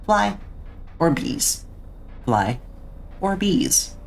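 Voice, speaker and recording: Animated, chatty let's-play streamer. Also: mid-range voice, very slow, vocal fry. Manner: chatty, reads and answers chat aloud. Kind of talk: casual let's-play chat.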